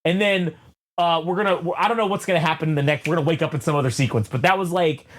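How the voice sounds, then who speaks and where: A man's voice: fairly high pitch, fast talker, a bit bright, slight background noise. A man co-hosting a podcast, telling a rambling, profane story with constant swearing and restarts. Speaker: podcast co-host. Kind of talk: profane, rambling casual chat.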